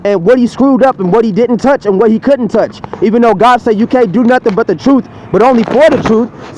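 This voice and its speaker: A man with a high voice delivers a fiery, repetitive sermon in the open air beside a street. He swears freely and drives each point home by saying it over and over. A faint hum of traffic runs underneath. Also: rough recording. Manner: heated, repetitive, profane preaching. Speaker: street preacher. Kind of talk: impassioned outdoor sermon.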